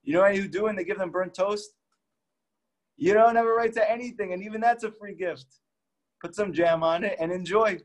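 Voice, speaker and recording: A man's voice: high voice, brisk. A man, a rabbi, giving an earnest and emphatic Torah teaching talk that drives home each point by repeating it.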